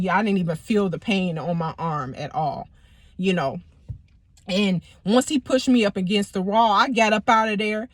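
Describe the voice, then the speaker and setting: A woman telling a personal story in a casual, animated, profane way. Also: medium pitch, no room sound, studio quality. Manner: animated, profane, emphatic retelling. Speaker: vlogger, storyteller.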